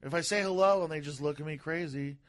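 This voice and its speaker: A man with a fairly high, soft voice chats as a comedian guest on a podcast. He rambles, repeats words and keeps restarting his sentences. His voice sounds gentle rather than tough. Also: fast talker. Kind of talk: casual podcast chat.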